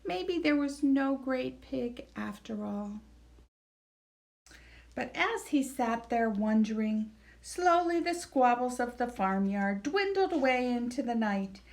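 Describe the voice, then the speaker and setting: A woman reading a picture book aloud for preschoolers, gentle and expressive. She speaks slowly and clearly. Her voice sits slightly high. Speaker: children's librarian.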